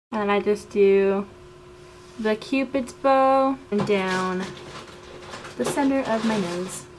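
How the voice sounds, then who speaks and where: A woman's voice: fairly high pitch, a little hiss or hum. A young woman talking through her makeup routine step by step, casual and chatty, with frequent fillers. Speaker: beauty vlogger. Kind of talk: makeup tutorial voice-over.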